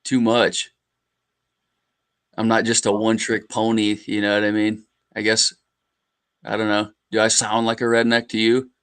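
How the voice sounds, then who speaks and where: A man's voice: fairly low pitch, completely flat delivery, normal speed, long pauses, a bit bright, clear, resonant tone, no room sound. A man from Illinois with an Illinois accent, a call-in guest chatting bluntly and laid-back, swearing freely. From Illinois, USA. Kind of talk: casual livestream chat.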